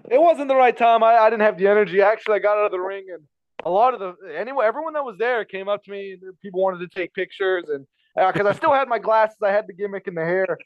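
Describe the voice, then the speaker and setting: A man with a high voice rattles through a personal story at a quick clip, circling back and repeating himself. The sound is dry and a little dull, recorded close with no room around it. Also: no room sound. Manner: rambling, repeats himself, frequent fillers. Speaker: podcast guest telling a story. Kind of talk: casual storytelling chat.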